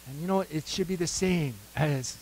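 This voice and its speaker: A man's voice: on the high side, normal speed, a little mellow, poor audio. A pastor preaching a sermon, conversational and full of "right?" asides, prompting his congregation to call out words.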